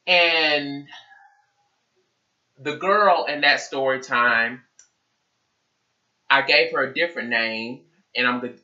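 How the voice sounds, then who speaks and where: Bright-voiced man telling a storytime. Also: medium pitch, muffled recording. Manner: animated, profanity-laced storytelling. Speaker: vlogger. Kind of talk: casual storytime vlog.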